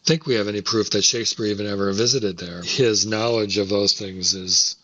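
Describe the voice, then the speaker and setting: A man's voice: lowish voice, fairly even intonation, fairly quick, fairly bright tone, no room sound, dull audio. A man co-hosting a podcast, explaining history at length in a casual, talkative way. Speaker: podcast co-host. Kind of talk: casual chat.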